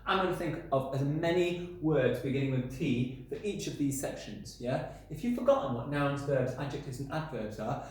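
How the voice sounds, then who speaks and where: A male primary school teacher giving a recorded lesson, playful and sounding out letters slowly. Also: medium pitch, darkish tone. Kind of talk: recorded home-learning lesson. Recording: very echoey room.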